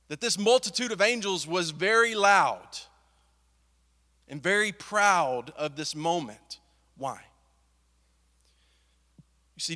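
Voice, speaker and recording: A man's voice: a little high, bright, forceful tone. A young man preaching a sermon as a pastor, conversational and full of rhetorical questions. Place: church hall. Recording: long reverb of a hall.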